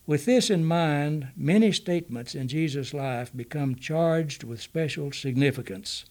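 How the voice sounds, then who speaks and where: A man with a slightly raised voice reads a Bible study passage at an unhurried pace. His delivery is measured and deliberate, and he stops to give each scripture reference. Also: a little high, darkish tone.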